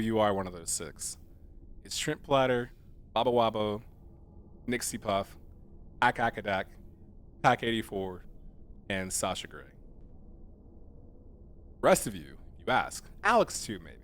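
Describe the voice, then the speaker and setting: A man's voice: lowish voice, measured pace, pauses often, fairly bright tone. A man streaming a video game, chatting casually and joking in a rambling, playful way. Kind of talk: casual let's-play commentary.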